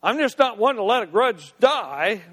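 A man's voice: high-pitched, very animated, normal speed, fairly bright tone, slightly rough, exaggerated voice. A man voicing a whiny self-pitying man with a grudge. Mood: whining. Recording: long hall reverb.

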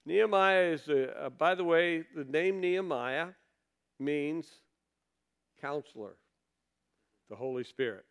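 Smooth-voiced male pastor preaching conversationally. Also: on the high side, a little slow, long pauses. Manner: conversational preaching, rhetorical questions, reads scripture aloud. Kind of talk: sermon.

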